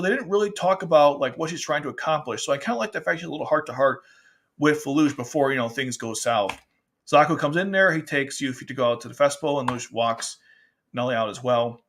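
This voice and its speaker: Male reviewer, casual rambling chat, mid-pitched, restarts often, slips into character voices. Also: fairly bright tone. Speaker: anime and manga reviewer.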